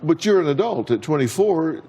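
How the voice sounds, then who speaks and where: A blunt male talk show host with a fairly high voice that swings through a lively range. He presses his guest with direct, challenging questions. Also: moderate pace, husky. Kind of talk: talk show hosting and interviewing.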